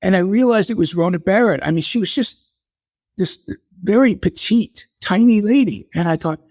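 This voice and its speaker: An older man, a guest in an interview, telling animated stories and acting out the people he quotes. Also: sits high, moderate pace, no echo, studio quality. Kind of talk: conversational interview storytelling.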